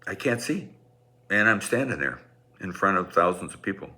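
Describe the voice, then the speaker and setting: A man's voice: sits low, sing-song, moderate pace, pushed and bright. A middle-aged man telling a personal story in a rambling, self-deprecating way, with many restarts.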